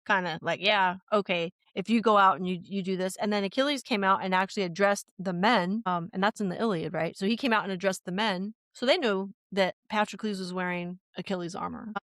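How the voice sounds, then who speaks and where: A woman chatting on a podcast, telling stories in a rambling, animated way with many restarts. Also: medium pitch, a little fast, few pauses, no room sound, clean studio sound. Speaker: podcast guest. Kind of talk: casual podcast chat.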